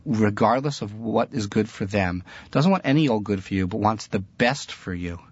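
A man's voice: lowish voice, animated, moderate pace, husky, dry recording. A middle-aged man giving a Jewish religious talk as a teacher, earnest and storytelling, with laughter slipping into his words. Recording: dull, lo-fi, dry recording.

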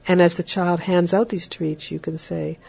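Dark husky-voiced woman lecturing on parenting. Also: fairly even intonation, normal speed. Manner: warm, chatty, acts out parent lines in a lilting higher voice. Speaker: parenting educator. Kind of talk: recorded lecture. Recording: dull lo-fi recording.

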